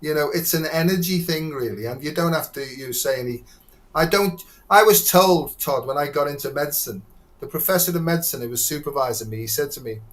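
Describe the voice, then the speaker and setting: A man's voice: a little high, brisk. A man, a doctor talking as a guest in a casual, earthy and blunt way, swearing freely. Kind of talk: casual conversation.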